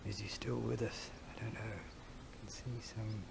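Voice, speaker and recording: A man's voice: on the low side, flat delivery, measured pace, vocal fry, noisy background. A middle-aged Australian man giving casual, wandering commentary full of slang as a vlogger. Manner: slangy, wandering, chuckling storyteller.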